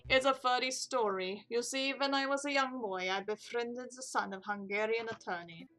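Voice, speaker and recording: A woman voicing a pompous male elephant who owns a chocolate shop, in a slow, put-on stereotypical European accent. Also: mid-range voice, lively intonation, faint music behind, lightly acted. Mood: grandiose.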